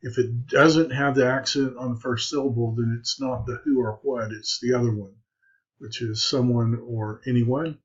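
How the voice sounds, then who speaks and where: A man teaching an introductory language class in a recorded video lecture, halting often with "uh" and "um". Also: medium pitch, fairly even intonation, breathy edge. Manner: halting, many "uh" and "um" fillers. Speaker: Greek instructor. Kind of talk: recorded lecture over slides. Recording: dull lo-fi voice recording.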